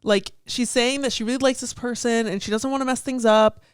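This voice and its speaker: Young woman, twenties, podcast co-host; smooth, clear voice, chatty, heavy on "like", dry close sound. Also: a little high, fairly even intonation, brisk, no room sound. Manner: chatty, fond of "like", swears casually. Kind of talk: casual chat about song lyrics.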